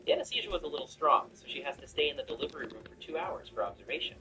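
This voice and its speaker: A man voicing a calm woman nurse who reassures the family in a matter-of-fact way. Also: on the high side, rapid-fire. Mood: reassuring. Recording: distant mic with background music.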